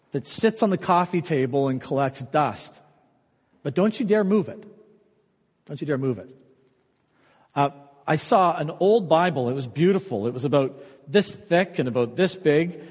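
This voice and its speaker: A man preaching with a fairly high voice that rings out in a church hall with a long reverb. He drives his points home with emphasis and echoes key phrases in a softer voice. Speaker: pastor. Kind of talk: sermon.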